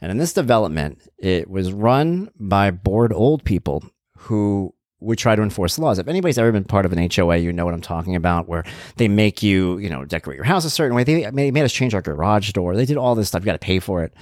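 A man with a lowish voice tells a personal story in a casual, chatty way. His pitch swings widely as he acts out what people said, and the sound is close and dry, with no room echo. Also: fast. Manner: animated, acts out quoted exchanges; conversational with fillers and swearing.

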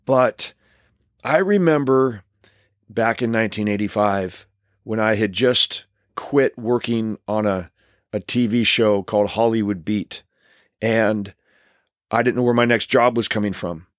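A man in his sixties, a longtime stunt performer, telling stories from his career in an animated, rambling way with frequent restarts. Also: lowish voice, dry recording, studio quality. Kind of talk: storytelling, reminiscing.

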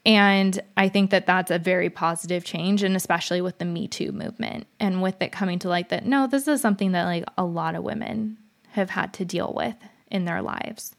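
A woman's voice: fairly low pitch, fairly quick, vocal fry. A young woman telling a personal story in a casual, frank monologue, chatty with many fillers and restarts. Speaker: vlogger.

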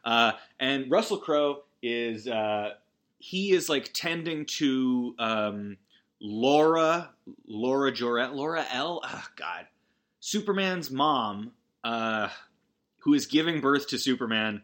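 A man's voice: medium pitch, animated, slow, fairly bright tone. A man hosting a casual solo podcast, rambling through a film recap with swearing and frequent false starts. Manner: rambling, swearing, many restarts. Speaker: podcast host.

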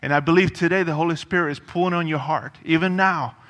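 Speaking quickly, a man gives a sermon in a bright, forceful voice pitched a little high for a man, his words carrying a long reverb like in a large hall. The delivery is chatty yet emphatic, full of repeated phrases and frequent casual asides.

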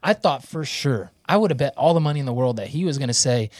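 Pastor in his thirties, lively storyteller who acts out his reactions, dry booth sound. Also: mid-range voice, quick pace, no echo. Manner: animated storyteller acting out his own reactions. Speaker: pastor who preached the sermon. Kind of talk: casual podcast chat, retelling a story.

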